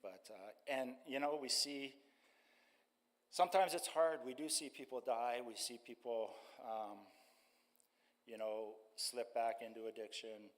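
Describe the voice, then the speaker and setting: Older man giving halting church testimony. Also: mid-range voice. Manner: halting storytelling with many fillers. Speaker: street ministry staff member. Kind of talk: personal testimony at church service. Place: church sanctuary. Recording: long church-hall reverb.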